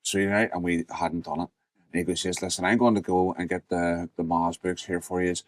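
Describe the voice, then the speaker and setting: A man's voice: deep voice, level tone, a little fast, no room sound. A middle-aged man, chatting casually and telling school stories with a laugh. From Northern Ireland. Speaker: podcast host. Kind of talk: casual chat.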